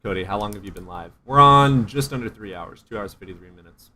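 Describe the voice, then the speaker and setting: A man hosting a casual livestream, reading chat aloud, excitable and quick to swear with loud outbursts. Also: on the low side, slight background noise.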